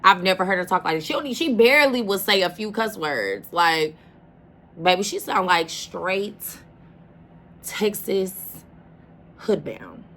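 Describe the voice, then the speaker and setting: A woman's voice: mid-range voice, expressive, unhurried, fairly bright tone. A woman hosting a reaction video, talking casually and emphatically, often addressing the listener as "baby.".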